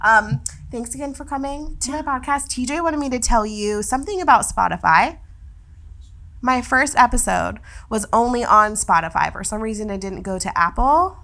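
A woman's voice: on the high side, normal speed, a bit bright. A woman hosting a podcast, chatting casually and telling stories with frequent giggles. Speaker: podcast host.

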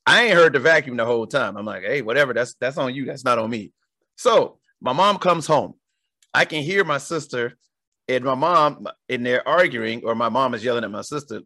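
A man's voice: medium pitch, normal speed, dry recording, clean studio sound. A man, telling a funny childhood story in casual chat, laughing and acting out voices. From Southern United States. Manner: animated, laughing storyteller who acts out voices.

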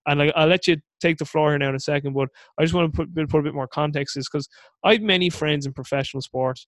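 A man hosting an interview at a rapid clip, his voice sitting a little high for a man. He rambles through long stories in a lively way. The sound is dry and close. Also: dry recording. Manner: rambling, animated, full of acted-out inner voices. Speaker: podcast host. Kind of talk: casual interview chat.

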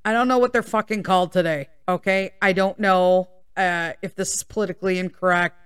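A woman's voice: lowish voice, fairly even intonation, brisk, clean tone. A woman from the Chicago area hosting a podcast, telling a personal story in a casual, rambling way, full of swearing and tangents. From Chicago area, USA. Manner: swears a lot, rambling tangents, keeps checking in with "okay?" and "right?". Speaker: podcast host.

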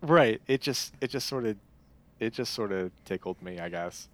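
A man's voice: on the low side, expressive, moderate pace, fairly bright tone. A man chatting casually about a film, hesitant and often restarting his sentences. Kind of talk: casual chat.

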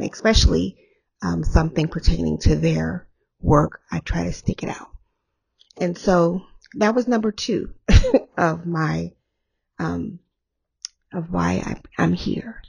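A woman hosting her own podcast, talking candidly and rambling a little, her voice hoarse after an illness and laughing often. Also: on the low side, steady tone, a little slow, long pauses, a little mellow. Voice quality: gravelly. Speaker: podcast host. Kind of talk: candid solo podcast talk.

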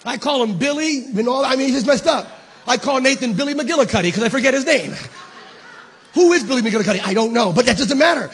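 A middle-aged man preaching a sermon as pastor, animated and playful with the congregation, dropping to a hush when telling a story. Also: very high voice, quick pace, a little hiss or hum. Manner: addresses the congregation casually, calling them "baby". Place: church service.

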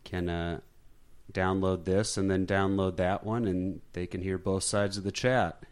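A man hosting a podcast who wraps up the show in a relaxed, casual way. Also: sits low, unhurried. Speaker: podcast host. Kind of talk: casual chat.

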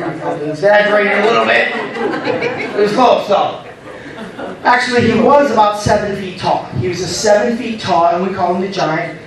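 A man's voice: sits high, distant mic. A man preaching a sermon as pastor, telling a story with laughs and calling to the congregation. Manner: storytelling with laughs, call-and-response. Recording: roomy echo, from the mic.

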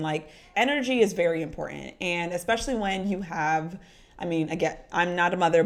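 A woman co-hosting a casual podcast, talking through a reality-TV episode. She is animated and chatty, and she keeps calling her listener honey. She weighs both sides as she talks. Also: lowish voice. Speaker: podcast co-host. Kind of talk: casual reality-TV recap chat.

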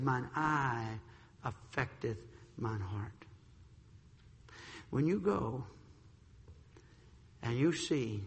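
A male pastor preaching with great passion, his high, bright voice dropping to a hushed, husky intimacy before climbing into urgent shouts. The sermon rings through a large church with a long, lingering reverb. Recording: reverberant hall.

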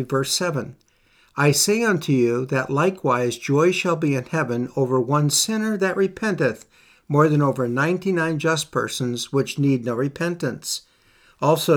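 Man teaching a podcast Bible lesson. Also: mid-range voice. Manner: reads scripture aloud, repeats key phrases for emphasis; plain conversational teaching with occasional fillers.

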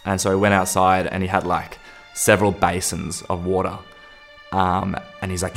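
A man's voice: sits low, flat delivery, gravelly, a bit bright, soft background music. A man recounting a personal experience, often stopping and restarting his sentences. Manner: halting, restarts mid-sentence. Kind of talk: personal anecdote.

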